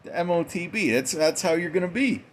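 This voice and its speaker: A man's voice: a little high, expressive, a little fast. A man giving a profane, mocking late-night commentary monologue, quoting scripture in a preachy way. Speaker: commentary host.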